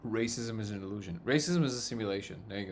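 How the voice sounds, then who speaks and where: A man's voice: fairly low pitch, quick pace, a little hiss or hum. Chuckling man hosting a live chat. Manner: jokey, chuckles often between remarks. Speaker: livestream host. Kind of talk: casual live chat reading comments.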